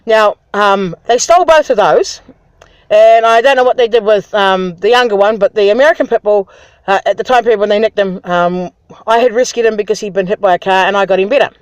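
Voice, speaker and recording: A woman's voice: mid-range voice, brisk, smooth, no room sound, poor audio. A woman venting to camera in an angry, aggrieved personal rant, swearing freely. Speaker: vlogger.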